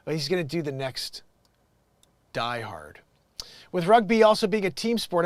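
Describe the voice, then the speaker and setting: A man's voice: a little high, big pitch swings, moderate pace, no room sound. A man hosting an improvised comedy show, reading the news and breaking off into jokey, rambling asides.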